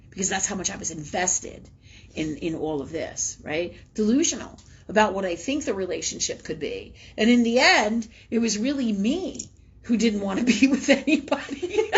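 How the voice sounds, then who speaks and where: The host of a spiritual live talk show speaks candidly in a husky, slightly breathy voice that's on the high side and fairly bright. She swears freely, tags lines with "right?", laughs often, and acts out things she once said. The audio is dull and lo-fi, like a livestream mic.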